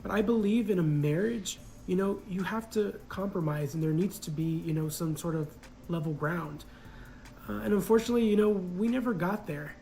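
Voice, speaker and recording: A man's voice: sits high, normal speed, vocal fry, a little mellow, rough recording. Reflective man telling his own story. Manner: reflective, hesitant, many fillers. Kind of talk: casual personal storytelling.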